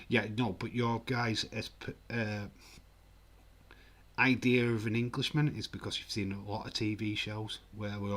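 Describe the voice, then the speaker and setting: A man with a fairly low voice hosts a live football watch-along. He chats casually and reads comments out loud. His tone is jokey and full of teasing. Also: steady tone, a little slow. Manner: chatty, jokey, mock-offended. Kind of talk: casual live-stream chat, reading comments.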